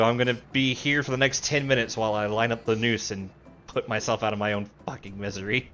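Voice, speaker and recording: A man's voice: on the low side, steady tone, brisk, fairly bright tone, dull audio, soft background music. Rambling, swearing male game streamer. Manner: rambling, swearing, self-mocking. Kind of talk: casual live game commentary.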